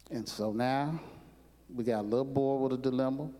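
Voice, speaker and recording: A man's voice: mid-range voice, moderate pace, mellow, big-room sound. A male preacher telling a story in a conversational, repetitive sermon.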